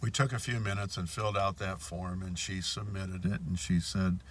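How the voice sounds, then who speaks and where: A man's voice: sits low, steady tone, normal speed, a bit bright, a little hiss or hum. A man telling a story in a casual monologue, indignant and repeating his points. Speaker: bank customer telling of a complaint.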